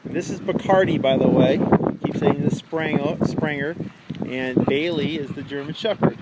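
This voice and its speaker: A man's voice: fairly high pitch, normal speed, lo-fi sound. A man running a dog daycare, chatting casually to the camera outdoors while he watches the dogs, talking to them and laughing often. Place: outdoor dog play yard. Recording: loud outdoor background noise. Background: barking dogs, wind and passing traffic.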